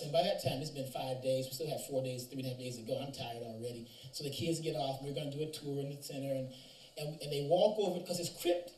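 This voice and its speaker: A man preaching at a chapel service, telling a long story with animated delivery and acting out the voices of the people in it. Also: on the high side. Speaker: chapel speaker. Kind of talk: storytelling sermon. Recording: roomy echo from distance, faint ambience.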